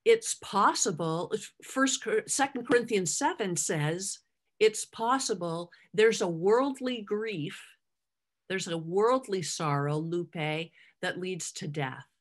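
A woman's voice: mid-range voice, expressive, slow pace. A middle-aged woman giving a conversational Bible teaching, acting out the lines she quotes.

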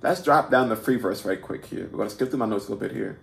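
A man's voice: on the low side, quick pace, creaky, a bit bright. A man hosting a casual poetry lesson, talking informally with many restarts and repeated words, and often checking in with "right?". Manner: self-deprecating and informal. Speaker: poetry teacher and host. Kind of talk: casual unscripted video lesson. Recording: echoey room.

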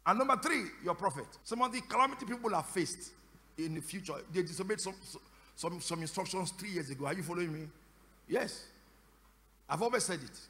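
A man preaching to a congregation in a high, bright, forceful voice that rings through a reverberant church hall. He fires repeated questions at the room, waits for answers, and at times breaks into shouted prayer. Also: animated, a little fast. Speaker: pastor. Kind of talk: sermon. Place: church service.

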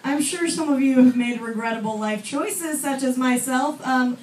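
A young woman performing a chatty, self-deprecating stand-up set on a comedy club stage, with lots of fillers and quick asides to the audience. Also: high-pitched. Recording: roomy club audio from far off, with loud crowd laughter.

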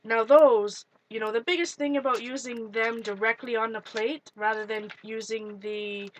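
A woman hosting a live art stream, chatting excitedly as she works and greets viewers. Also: mid-range voice, slight background noise. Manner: excitable, talks while working, greets viewers. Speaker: art livestream host. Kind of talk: live crafting demo, chatty.

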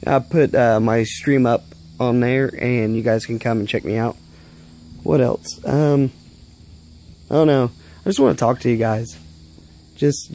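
A man's voice: medium pitch, dark tone, a little hiss or hum. A young man rambling and swearing casually in a vlog, talking outdoors in his yard. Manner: rambling, profane, easily irritated. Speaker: vlogger.

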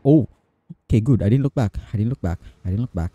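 A man's voice: mid-range voice, moderate pace, warm tone, no room sound. A man giving let's play commentary on a horror game, talking to himself and repeating phrases when he gets nervous. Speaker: gamer playing a horror game.

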